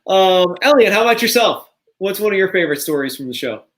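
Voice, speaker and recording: A man's voice: high voice, expressive, quick pace, a bit bright. A man hosting a casual online cast reunion, friendly and often repeating words as he restarts a sentence. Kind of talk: casual interviewing chat.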